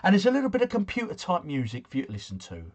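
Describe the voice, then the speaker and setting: A man's voice: high voice, wildly swooping pitch, racing, darkish tone. A man hosting a trivia quiz, reading out questions and answers and adding chatty, joking asides. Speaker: quiz host.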